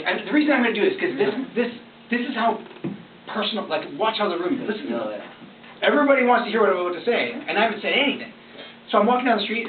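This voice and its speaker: A man coaches a performer in an animated, candid voice that sits high and swings widely in pitch. He is heard from across an echoey room. The sound is thin and phone-like, with faint noise behind him. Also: distant mic. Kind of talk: coaching session.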